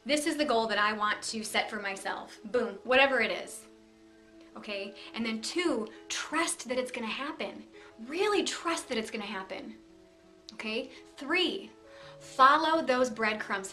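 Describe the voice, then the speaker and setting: A middle-aged woman hosting a motivational video series, talking to camera with lively encouragement, numbered steps and little stories. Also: a little high. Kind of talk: upbeat motivational talk to camera.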